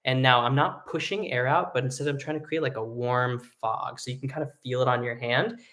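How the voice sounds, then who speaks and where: A man who sings tenor, teaching a live singing lesson in a relaxed, explanatory way, with hummed and sung demonstrations. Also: medium pitch, fast talker. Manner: explains casually, demonstrates hums and sung vowels.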